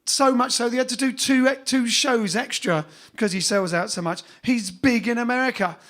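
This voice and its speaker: A man hosts a casual live stream for his band, chatting in a rambling, joking way full of fillers and restarts. His voice sits high and sounds bright and forceful. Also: moderate pace.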